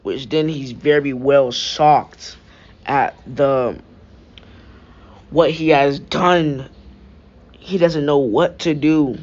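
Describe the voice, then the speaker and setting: A young man improvising a fan-fiction story, rambling with frequent restarts and filler phrases. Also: mid-range voice. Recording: dull lo-fi mic.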